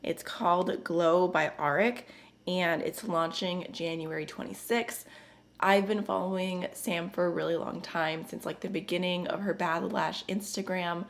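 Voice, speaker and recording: A woman beauty vlogger chatting casually to camera, her voice raspy and hoarse from a chest infection, chatty and upbeat. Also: on the low side.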